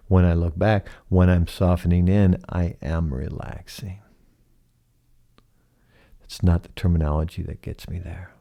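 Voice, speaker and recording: A man hosting a reflective solo podcast, speaking slowly and softly and asking many rhetorical questions. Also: sits low. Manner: slow, soft-spoken, asks many rhetorical questions. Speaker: podcast host.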